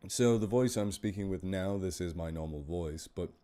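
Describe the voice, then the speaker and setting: Speaking in a low, mellow, smooth voice at a moderate pace, a northern English man rambles casually to his live stream audience. He's a horror story reader, and he tends to over-enunciate.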